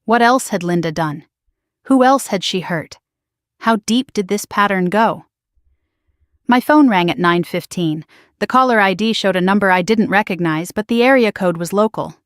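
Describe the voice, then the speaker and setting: A woman narrating a first-person drama story in a measured, even way. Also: medium pitch, no echo, clean studio sound.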